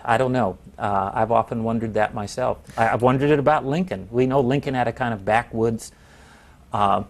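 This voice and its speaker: A man, a historian, answering interview questions in a measured, reflective way. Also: mid-range voice.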